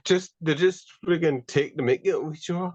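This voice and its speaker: Laid-back Geordie man, slightly high voice. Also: a little fast, a little mellow, no room sound, highs cut off. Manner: laid-back, laughing, swears. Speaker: podcast co-host. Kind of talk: casual chat.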